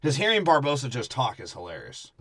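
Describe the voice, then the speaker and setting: A man's voice: medium pitch, wildly swooping pitch, fairly quick, a bit bright, no room sound. A man co-hosting a podcast, riffing crudely on a movie in casual, profane banter. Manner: crude, joking, heavy profanity. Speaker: podcast co-host.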